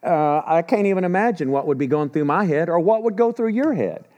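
A man's voice: a little high, expressive, fairly quick, a little mellow, dull audio. Folksy storytelling preacher man. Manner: folksy storytelling with rhetorical questions. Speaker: pastor. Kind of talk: sermon.

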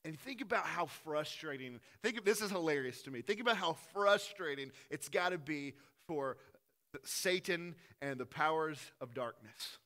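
A male pastor preaching with an animated delivery. His voice is bright and a little high for a man, and it rises and falls between loud emphatic lines and hushed, earnest ones. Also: normal speed. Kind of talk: sermon.

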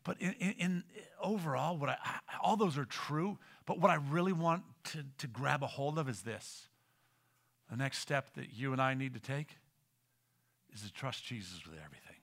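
A middle-aged man preaching a sermon as a pastor, swinging from loud emphatic lines to hushed, almost whispered ones and often repeating words as he builds. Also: medium pitch, lively intonation, moderate pace, vocal fry, pauses often.

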